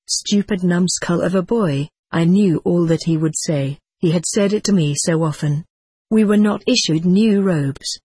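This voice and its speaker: Woman reading an audiobook, low husky voice, steady pace, dry close mic. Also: no echo. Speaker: narrator. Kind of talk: first-person audiobook narration.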